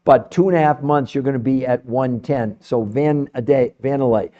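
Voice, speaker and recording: A middle-aged man hosting a live health stream, swinging between calm number-reading and loud, swearing pitches to his viewers. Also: normal speed, highs cut off.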